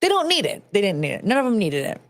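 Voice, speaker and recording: A woman hosts a podcast in a loose, opinionated rant, cursing freely and tripping over her own restarts. Her voice sits at an ordinary middle pitch. The sound is dry, with almost no room around it. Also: wildly swooping pitch, fast, no room sound. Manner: blunt, swears, restarts a lot. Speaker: podcast host.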